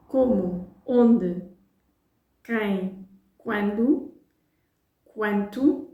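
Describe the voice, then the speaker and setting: A woman whose first language is Portuguese, teaching an online language lesson in a playful way, with quick asides as she explains. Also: medium pitch, darkish tone, echoey room.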